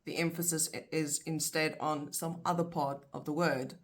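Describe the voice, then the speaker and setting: A woman teaching vocabulary in a video lesson, saying each word and its plural slowly and carefully, in pairs. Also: low-pitched, fairly even intonation. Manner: slow, careful, repeats words in pairs. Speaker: language teacher.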